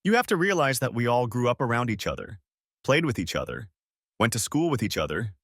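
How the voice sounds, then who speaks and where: A man's voice: mid-range voice, sing-song, brisk, fairly bright tone, no room sound, studio quality. A man narrating a first-person audiobook story in a bitter, curt manner.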